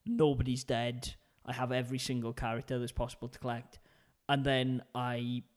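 A man's voice: medium pitch, flat delivery, moderate pace. Chatty Welsh man. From Wales. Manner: rambling, chatty storytelling. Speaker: podcast co-host. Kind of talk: casual chat.

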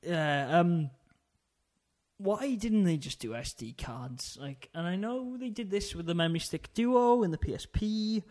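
A man's voice: high-pitched, expressive, unhurried, darkish tone. Chatty, rambling podcast co-host man. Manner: chatty, rambling, with frequent ums and laughs. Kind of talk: casual chat.

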